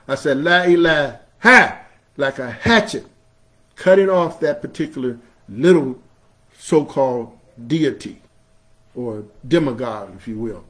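Emphatic preaching imam. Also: male voice, mid-range voice, animated, unhurried. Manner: emphatic preaching that swells loud on key phrases; chants Arabic scripture. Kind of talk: Friday sermon. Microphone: streamed live online.

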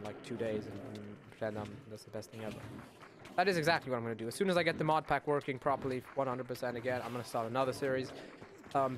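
A young man in his late teens giving casual gameplay commentary, swearing a lot and swinging between loud outbursts and mumbled asides. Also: medium pitch, noisy background. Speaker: gaming YouTuber.

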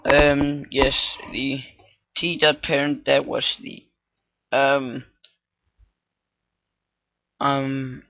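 A man making a casual screen-recorded scripting tutorial speaks very slowly in a gravelly, completely flat voice. He mutters and thinks aloud haltingly, with many fillers and restarts. His cheap computer mic gives a dull, dry, low-quality sound with no echo.

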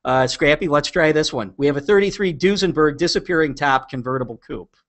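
A man's voice: on the high side, brisk, fairly bright tone. Chatty man hosting a car podcast. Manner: chatty, jokey, teases co-host. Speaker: podcast host. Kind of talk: casual podcast chat.

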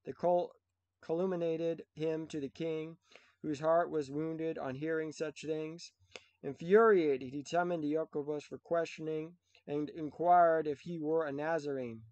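A man reading a saint's life aloud in a measured, solemn way, with old-fashioned wording. His voice sits fairly high for a man. The recording is dry and close. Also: darkish tone, no echo. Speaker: narrator.

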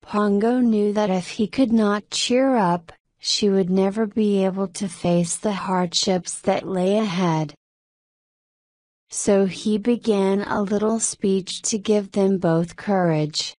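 Give me a clear woman storyteller reading slowly, with a dry, close sound. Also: mid-range voice, darkish tone, no echo. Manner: slow, clear, measured reading. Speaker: story narrator. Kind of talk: graded-reader storytelling for English learners.

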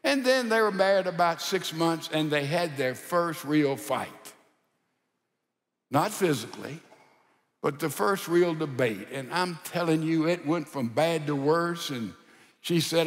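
A male pastor preaching a sermon in a folksy, animated storytelling style with rhetorical asides. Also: fairly high pitch, unhurried, big-room sound.

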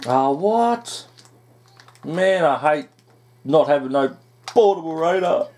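A man giving excited gameplay commentary, groaning at setbacks and swearing now and then. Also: fairly high pitch, slow. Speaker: gaming YouTuber.

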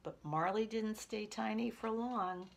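A woman reading a children's picture book aloud in a lively, expressive way. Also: medium pitch, a little slow, creaky, a little hiss or hum. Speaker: storyteller.

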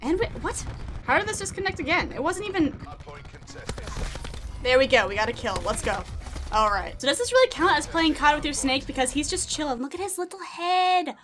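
Over music, a young woman who makes gaming videos chats through her game, giggling and addressing her pet snake in a sweet tone. Her voice sits high and she speaks briskly with lively intonation in casual commentary.

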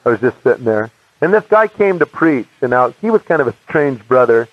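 An American man telling his personal faith testimony as an animated storyteller, acting out the voices of people he quotes. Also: medium pitch, brisk, no echo. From United States. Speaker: evangelist giving his testimony. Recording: muffled dry archive recording.

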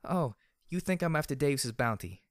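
Rampage type: a crude, cocky female pony brawler, as a male reader puts her on, high, swooping, slightly slurred, in a dry audiobook read. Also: big pitch swings, a little slow, no echo. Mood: sneering. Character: brutal cheerful armored female pony mercenary. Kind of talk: audiobook character voice.

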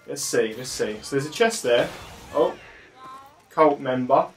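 A man commentating his own gameplay casually, with excited outbursts and halting moments when he reads on-screen text aloud. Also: medium pitch, faint music behind.

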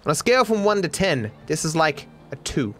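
A young man from Australia giving excitable, animated gameplay commentary, with frequent swearing. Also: a little high, brisk, a little hiss or hum. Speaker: gaming streamer.

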